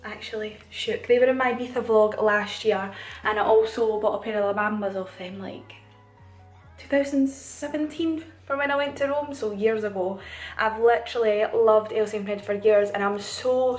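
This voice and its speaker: A young woman chatting excitedly to camera in a hotel room as a fashion vlogger, rushed and chatty. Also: medium pitch, faint music behind. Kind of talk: casual vlog chat.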